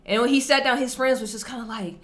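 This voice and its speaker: A woman's voice: fairly high pitch, fast talker, a bit bright. A young adult woman telling a story and reacting to posts in a casual, slangy and emphatic way. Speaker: vlogger reacting to online posts.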